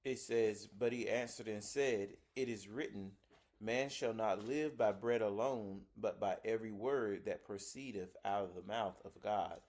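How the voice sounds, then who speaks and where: A man in a study group reading scripture aloud in a slow, measured way. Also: lowish voice, darkish tone.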